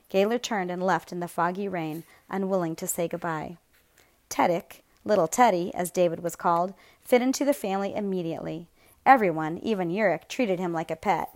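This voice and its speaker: A woman's voice: lowish voice, a little fast. Woman narrating an audiobook. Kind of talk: scripted narration.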